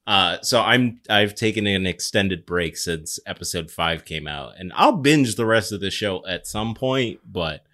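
Deep but bright guy cracking crude jokes on a casual podcast. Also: animated. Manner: joking, crude, quick asides. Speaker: podcast co-host. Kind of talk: casual chat.

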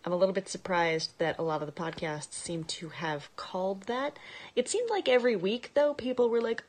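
Chatty woman in an excited video message. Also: medium pitch, a little fast. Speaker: listener sending a video message.

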